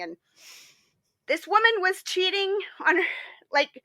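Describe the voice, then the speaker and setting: A woman co-hosting a podcast, chatting casually and retelling a story in a lively way full of fillers. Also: very high-pitched, measured pace, long pauses, no echo. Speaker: podcast co-host. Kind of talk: casual chat.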